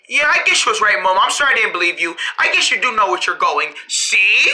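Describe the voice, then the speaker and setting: A cartoon creator voicing every character in a family road-trip cartoon, with frequent shouting and screams. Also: mid-range voice, brisk, hardly any pauses. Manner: shouting and screaming often, animated. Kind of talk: one-person cartoon dialogue.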